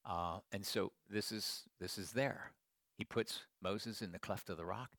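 A middle-aged man preaching a sermon to his congregation, moving between quiet storytelling and emphatic declarations. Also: on the low side, measured pace, dry recording, clean studio sound. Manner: storytelling, swings from hushed asides to emphatic proclamation. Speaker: pastor.

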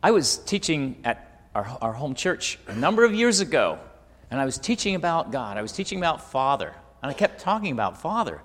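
A middle-aged male pastor preaching a sermon, moving between loud emphasis and hushed asides. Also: a little high, sing-song, fairly quick. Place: church hall. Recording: long hall reverb.

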